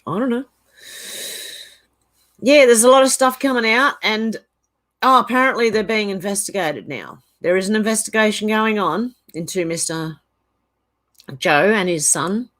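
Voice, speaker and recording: A woman's voice: mid-range voice, moderate pace, pauses often, fairly bright tone. An Australian woman hosting a casual livestream, reading viewer comments aloud and rambling through her reactions. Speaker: channel host.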